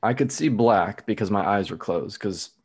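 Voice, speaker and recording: A man from the Midwest, a guest hypnotist, telling stories in a lively, casual way. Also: fairly low pitch, moderate pace, breathy edge. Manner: lively storyteller who laughs at his own stories. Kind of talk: casual storytelling.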